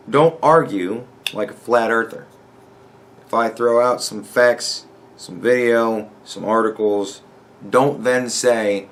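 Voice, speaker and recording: A podcast host delivering a profane, sarcastic rant in an exasperated tone. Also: male voice, medium pitch. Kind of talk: ranting commentary.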